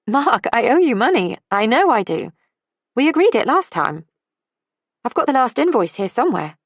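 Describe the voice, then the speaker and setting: Woman reading an earnest young woman, insistent, higher voice, dry sound. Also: big pitch swings, normal speed, dry recording.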